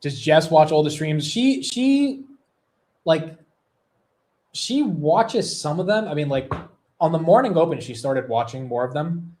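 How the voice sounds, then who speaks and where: A man's voice: on the high side, lively intonation, measured pace, a little mellow. A young man hosting a long livestream, chatting casually, rambling, swearing loosely, and reading out viewer super chats. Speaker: livestream host.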